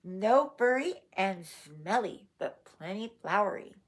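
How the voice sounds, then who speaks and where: A woman voicing a blunt, gruff male grizzly bear godfather who talks slowly in broken caveman speech. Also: medium pitch, lively intonation. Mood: warning.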